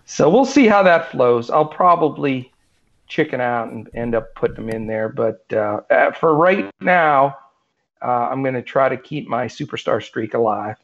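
A man's voice: medium pitch, animated, unhurried, a bit bright. A man co-hosting a casual sports podcast, rambling with lots of fillers and restarts. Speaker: podcast co-host. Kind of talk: casual sports betting chat. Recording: dull lo-fi sound.

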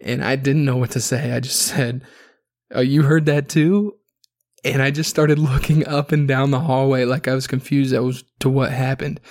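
Creaky-voiced man telling crude stories. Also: mid-range voice. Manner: crude, rambling storytelling with frequent swearing. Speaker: podcast host. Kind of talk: casual podcast monologue.

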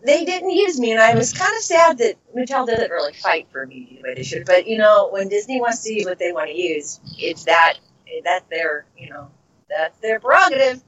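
A woman's voice: medium pitch, expressive, normal speed, a bit bright, far from the mic. A middle-aged woman and voice actress, telling stories in a casual interview and trailing off into tangents. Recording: dull lo-fi recording.

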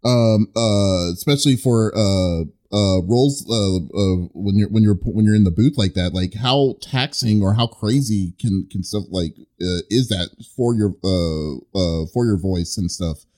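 A man hosting an interview, asking questions haltingly with many restarts and fillers. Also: lowish voice, a little mellow. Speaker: interviewer host.

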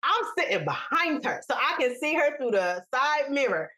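A woman from New York with a high, bright voice, chatting as a podcast co-host. She tells an animated, profane family story and slips into other people's voices. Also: normal speed. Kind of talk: casual storytelling chat.

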